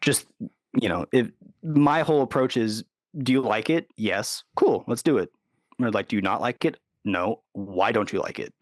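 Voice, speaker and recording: A recording engineer and producer chats as a guest on a podcast, animated and at a moderate pace, his voice on the low side. His casual talk meanders with heavy use of "like" and "you know," and he imitates others when quoting them. Studio sound is clean, with no room sound.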